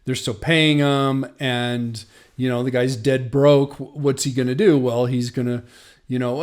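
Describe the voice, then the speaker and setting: A man's voice: mid-range voice, unhurried. A man who works as a patent agent, telling a personal story in a casual monologue, acting out both sides of past conversations with many fillers and restarts. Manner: animated retelling, acts out both sides of dialogues; frequent restarts and "you know" fillers. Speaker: patent agent and podcast host.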